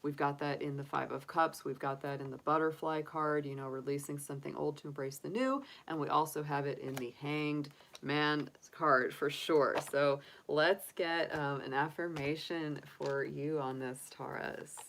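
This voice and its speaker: Middle-aged woman, tarot reader, low-pitched, rambling chatty delivery. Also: fairly even intonation, normal speed, few pauses, fairly bright tone, slight background noise. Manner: chatty, rambling, many fillers. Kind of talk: casual livestream tarot reading.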